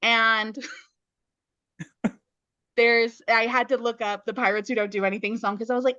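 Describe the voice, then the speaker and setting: A woman co-hosting a podcast in casual chat, recapping a story in detail with wry, deadpan asides. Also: on the high side, normal speed, long pauses, dry recording. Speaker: podcast co-host. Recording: dull lo-fi podcast audio.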